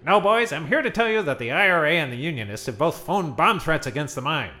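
Guy doing a giddy rich tycoon, high bouncy voice, bright tone, soft music under. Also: expressive. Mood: cheery. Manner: gleeful, chirpy, quick to laugh. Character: chipper rich miserly male tycoon. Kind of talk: comedy radio-play acting.

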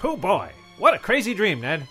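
A wealthy, pompous miser in a comedy sketch, chipper and eager to please, played by a man. His voice sits high and bright with a lively, bouncing lilt. Faint music plays behind him. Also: moderate pace, slightly rough, exaggerated voice. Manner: cheery, eager, chuckling, pompous.

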